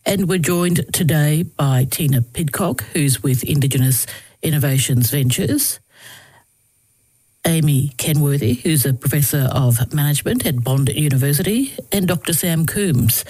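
A woman's voice: low-pitched, measured pace, warm tone, slightly rough, dry recording. A woman hosting a radio interview, asking friendly conversational questions. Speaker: radio host.

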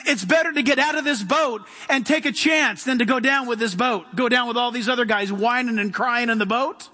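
A man's voice: very high-pitched, bright, forceful tone. A man preaching an impassioned sermon in a church, reading scripture and asking the congregation questions. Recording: long hall reverb.

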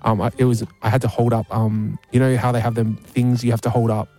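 A man's voice: mid-range voice, little pitch movement, warm tone. Aussie guy rambling thru an awkward story, lots of ums and restarts, faint music behind. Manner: halting, full of ums and restarts, laughs at himself. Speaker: radio show regular recounting an event. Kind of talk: casual chat.

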